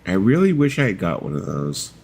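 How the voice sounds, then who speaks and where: A man's voice: low-pitched, sing-song, fairly quick, a little mellow, a little hiss or hum. A man co-hosting a casual chat among friends, playful and rambling, often restarting his sentences. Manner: playful, often restarts and fills in with "you know".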